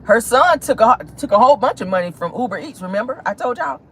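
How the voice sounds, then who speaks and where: A woman's voice: fairly high pitch, lively intonation, fast talker, slightly rough. A young adult woman hosting a celebrity gossip talk, sassy and slangy in casual commentary.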